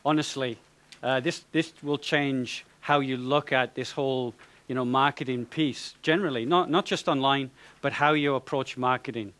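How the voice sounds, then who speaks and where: A man telling a funny anecdote to an audience, in a lively, chatty way with hesitations and repeated words. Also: medium pitch, normal speed. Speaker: speaker.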